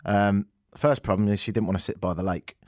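A man's voice: fairly low pitch, fairly even intonation, a little fast, no echo, studio quality. A man hosting a comedy show, reading a news story aloud with sarcastic, mocking asides. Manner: sarcastic, mocking, jumps between shouty and muttered asides.

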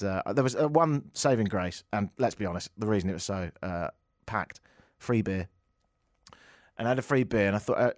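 Man, comedian, sardonic storytelling, very animated pitch, dry sound. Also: no room sound. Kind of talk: stand-up anecdote.

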